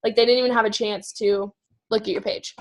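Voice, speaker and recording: Young woman, casual training talk, video call, fillers, a bit out of breath, highish voice. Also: steady tone. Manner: chatty, fast, lots of fillers. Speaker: guest speaker on a team call.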